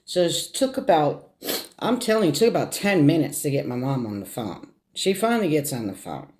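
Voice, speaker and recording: A middle-aged woman telling a personal story on her vlog, fighting back tears, halting and repeating words as she speaks. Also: low-pitched, sing-song, a little mellow. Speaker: vlogger. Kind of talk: emotional story time.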